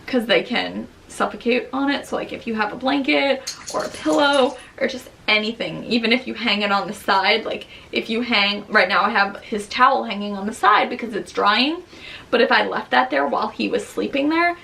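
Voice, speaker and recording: Rambling young woman with a gravelly edge. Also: a little high, normal speed, bright, forceful tone, a little hiss or hum. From Long Island, New York. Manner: rambling and candid, many fillers like "um" and "like". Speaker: vlogger, new mother. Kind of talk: casual chat. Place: at home near her baby's crib.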